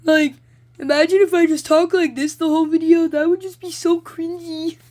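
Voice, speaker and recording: A woman voicing a squeaky, high cartoon giraffe character in a loud put-on voice. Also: fairly even intonation, moderate pace. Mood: playful.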